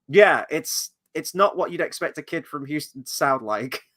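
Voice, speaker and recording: A man with a somewhat high voice hosts a relaxed film review chat. He talks in a chatty, animated way and tells stories. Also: moderate pace. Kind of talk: casual film discussion.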